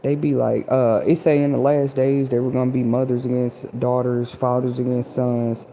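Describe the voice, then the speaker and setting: A woman's voice: rumbling low, flat delivery, moderate pace, dark tone, slight background noise. A woman hosting an inspirational livestream, talking casually and a bit preachily straight to her chat audience. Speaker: livestream host.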